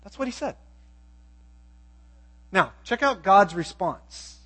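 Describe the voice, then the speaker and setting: A man's voice: high voice, animated, slow pace, a bit bright, breathy edge. A man preaching a sermon, reading scripture and asking his listeners pointed questions. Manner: emphatic, asks the audience questions.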